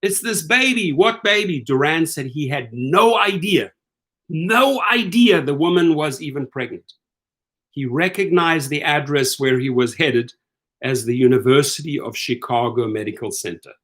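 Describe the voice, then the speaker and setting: Here a middle-aged rideshare commentary host talks at a moderate pace with a medium-pitched voice. Animated and incredulous, he keeps his rant casual and acts out the quoted lines himself.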